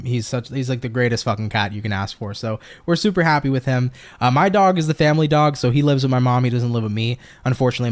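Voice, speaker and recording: A young man giving a casual tarot reading from his home office, laid-back and swearing freely, with frequent laughs. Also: medium pitch. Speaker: tarot reader.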